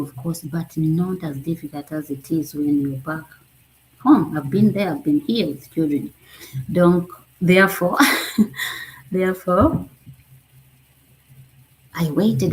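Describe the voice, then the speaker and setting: A woman's voice: lowish voice, mellow, rough recording. A woman from Uganda with a Ugandan accent, telling her own story casually and animatedly, often laughing and dropping in French phrases. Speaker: vlogger.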